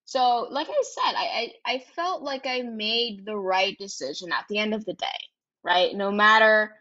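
A woman's voice: mid-range voice, moderate pace, pushed and bright, muffled recording. A young woman in her twenties hosting a podcast, telling a personal story in a candid, chatty way, swearing freely and tagging her sentences with "like" and "right?". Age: 20s. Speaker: podcast host.

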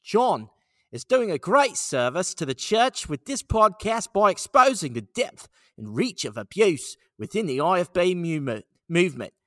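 A man doing a loud Australian accent. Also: high-pitched, very animated, unhurried, no echo, clean studio sound, voice pushed up, heavily acted. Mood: hammy. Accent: Australian, put on. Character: man reading a review in a put-on Australian accent.

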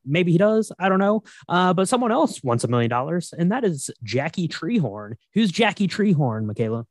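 A man's voice: mid-range voice, dry recording, clean studio sound. A man casually recapping a film with lots of fillers as a podcast co-host. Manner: relaxed, many fillers.

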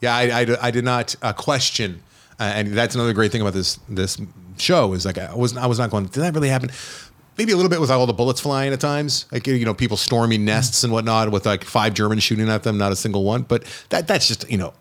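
A man hosting a casual podcast chat, animated and teasing, his voice jumping high when he gets exasperated. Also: quick pace. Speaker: podcast host.

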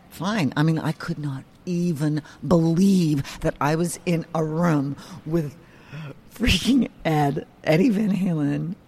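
Animated low-voiced woman telling a story. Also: slow, husky. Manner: animated, swears freely, acts out quoted voices. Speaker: interview guest, singer. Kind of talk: casual interview storytelling.

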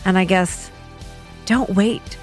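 A woman's voice: mid-range voice, takes it slowly. Podcast host from New Jersey, woman, curious and playful, mid voice, light music behind. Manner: curious, animated, jokey. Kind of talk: casual podcast chat.

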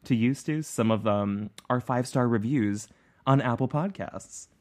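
A man's voice: mid-range voice, moderate pace. A man hosting a true crime podcast, talking casually with many fillers and easy laughter. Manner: chatty, fillers, laughs easily. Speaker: podcast host and narrator.

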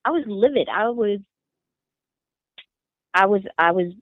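A mother giving an emotional interview, halting and repeating her words in distress. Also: medium pitch, lively intonation, no room sound. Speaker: mother of a missing daughter, interviewee. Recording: tinny phone line.

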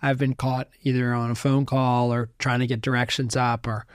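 A man's voice: mid-range voice, level tone, moderate pace, clear, resonant tone. A man with a mid-range voice co-hosts a laid-back sports chat, close to a dry mic. He asks questions and muses aloud in an easygoing way. There is no room echo. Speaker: podcast co-host.

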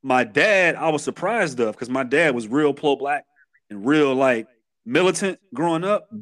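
A man's voice: medium pitch, expressive, normal speed, fairly bright tone. A man in his thirties from Chicago with a Chicago accent, a podcast guest retelling his past in candid, streetwise storytelling with many restarts. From Chicago, USA.

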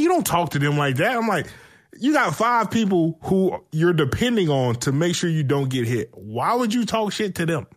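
A man chatting casually about football, animated and profane, telling stories and laughing often. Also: high-pitched, moderate pace. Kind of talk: casual sports chat.

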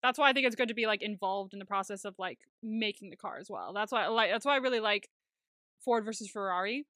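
Woman, casual podcast chat, bright high voice, giggly, swears, dry close sound. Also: fast, no echo. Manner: giggly, animated, swears freely. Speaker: podcast co-host.

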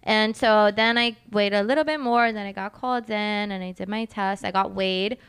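A woman's voice: medium pitch, moderate pace, fairly bright tone, smooth. A woman co-hosting a podcast, telling a candid story in a rambling, casual way with lots of fillers. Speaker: podcast co-host.

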